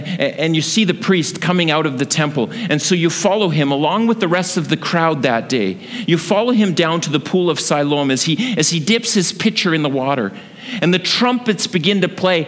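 A man preaching a sermon, telling a vivid story that swells with excitement. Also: on the high side. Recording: long hall reverb with faint ambience.

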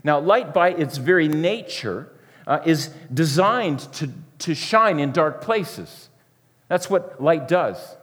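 A man preaching a sermon, earnest and repetitive, often sinking to a soft hush for emphasis. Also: on the high side, expressive, takes it slowly. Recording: long hall reverb.

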